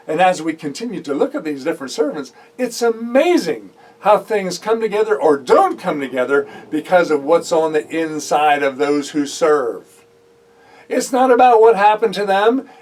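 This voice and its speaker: Male preacher with a high voice, storytelling sermon, repeats phrases for emphasis, mic set back from him. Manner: animated storytelling, acting out the voices of biblical figures; drives points home by repeating phrases. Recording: voice heard from a distance off the mic.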